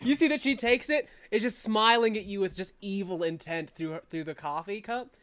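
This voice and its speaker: A woman's voice: mid-range voice, moderate pace, a bit bright. A woman narrating as the game master of a tabletop game, casual and rambling with many fillers and restarts.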